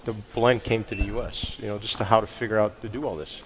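A man's voice: fairly low pitch, level tone, quick pace, low-quality recording. Male cigar maker, swearing freely in loose chat, slight background noise. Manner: blunt, profane storytelling. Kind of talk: casual chat.

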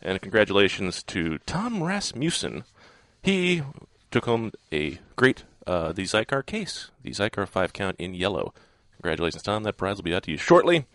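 A male talk radio host reads giveaway promos in an upbeat voice. His voice is fairly low but moves up and down a lot, and the close studio mic sounds dry. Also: very animated, normal speed, fairly bright tone, dry recording.

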